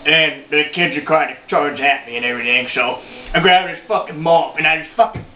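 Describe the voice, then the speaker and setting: A man's voice: a little high, fairly quick, slight background noise, natural voice. A man playing a foul-mouthed, boastful old redneck in his sixties, telling a rambling, profane story as a comedy monologue. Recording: roomy, dull lo-fi home video.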